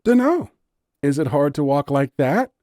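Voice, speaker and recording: A man's voice: on the high side, very animated, measured pace, warm tone, no room sound, clean studio sound, voice pushed up. A man voicing a curious, bubbly young female forest fawn spirit in an audiobook story, eager and wide-eyed. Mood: awestruck.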